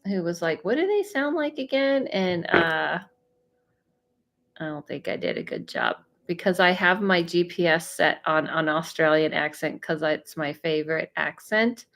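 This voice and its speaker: A woman's voice: lowish voice, measured pace, fairly bright tone. Chatty woman hosting a psychic livestream. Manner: chatty, upbeat, frequent "um" fillers and laughs. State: slightly congested from allergies. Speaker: livestream psychic medium host. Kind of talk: casual live-stream chat reading viewer comments. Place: home, Los Angeles. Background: faint music.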